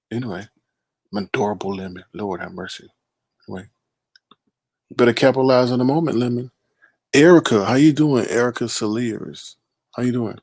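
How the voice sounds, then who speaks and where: A man's voice: medium pitch, darkish tone, no room sound. A man hosting a casual late-night live stream, greeting viewers by name in a playful, teasing way.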